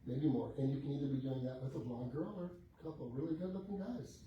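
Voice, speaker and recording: A man's voice: mid-range voice, fast talker, muffled recording. Man telling a sales story in an echoey room. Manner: acts out both sides of a sales conversation, laughing often. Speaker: real estate coach. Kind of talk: animated storytelling to a class. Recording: echoey room with faint background noise, heard from a distance.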